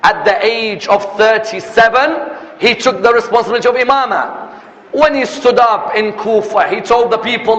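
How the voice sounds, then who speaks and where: High-voiced preacher in an echoey hall. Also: male voice, moderate pace, a bit bright. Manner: impassioned, rhetorical questions, rising emphasis. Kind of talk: sermon. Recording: echoey hall, muffled lo-fi sound, faint noise.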